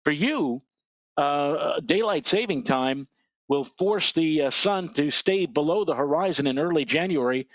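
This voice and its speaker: A man with a somewhat high voice rants indignantly during casual weather-show chat. He pushes his points hard and emphatically. The sound is dull, dry and lo-fi. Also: expressive, unhurried, dry recording.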